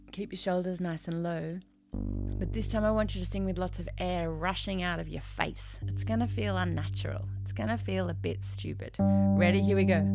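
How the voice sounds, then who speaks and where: A woman singing teacher, leading a vocal warm-up lesson with encouraging instructions and sung demonstrations. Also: lowish voice.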